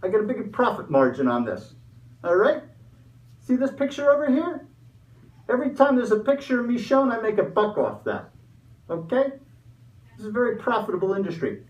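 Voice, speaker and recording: A man's voice: high-pitched, sing-song, fairly quick, pauses often, lo-fi sound. A man playing a greedy, smug Easter Bunny in a comedy sketch interview, talking like a pushy salesman. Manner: wisecracking, pushy salesman patter. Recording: echoey room, mic far off.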